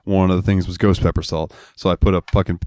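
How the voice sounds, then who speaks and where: Deep voiced dude cohosting a podcast, cussing a lot, acting out people in his stories, dry close sound. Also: quick pace, no echo. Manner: profane, animated storyteller acting out voices. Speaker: podcast co-host. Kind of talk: casual podcast chat.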